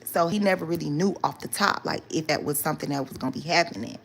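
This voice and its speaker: A young woman spins a long personal story for her viewers, leaning on slang, fillers and "right?" tags. Her voice sits low and carries a gravelly fry. A faint background hiss runs under it. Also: fast. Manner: chatty, loose slang, many fillers and "right?" asides. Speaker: storytime vlogger.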